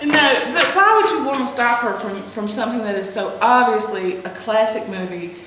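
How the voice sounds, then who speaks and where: A woman's voice: on the high side, lively intonation, normal speed, few pauses. A woman in her thirties co-hosting an advice chat, talking casually and self-deprecatingly and laughing often. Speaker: co-host answering viewer questions. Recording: echoey room with faint hiss.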